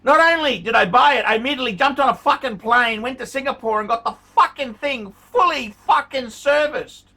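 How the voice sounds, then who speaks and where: Ranting vlogger, male: furious, foul-mouthed, pitch leaping all over, bright edge to the voice. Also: lively intonation, a little fast, few pauses, far from the mic. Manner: furious, swearing, repeats insults. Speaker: watch vlogger. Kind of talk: angry profane rant to camera.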